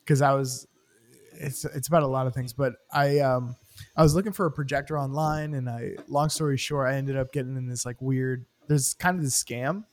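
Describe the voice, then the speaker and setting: A man in a casual podcast chat, starting a story hesitantly with pauses and restarts. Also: mid-range voice, steady tone.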